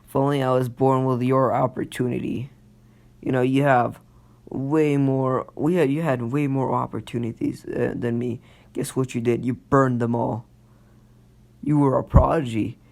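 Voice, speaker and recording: A man voicing a brooding teenage demon ninja who taunts his rival in low, menacing lines. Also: flat delivery, moderate pace, gravelly, darkish tone, close to an everyday voice. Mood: taunting.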